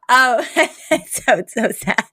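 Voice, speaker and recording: A woman's voice: fairly high pitch, sharp tone, slightly rough, dry recording, clean studio sound. A woman co-hosting a podcast, chatting casually and laughing often as she recaps a sitcom episode. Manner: chatty, laughs often, many fillers and restarts. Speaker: podcast co-host.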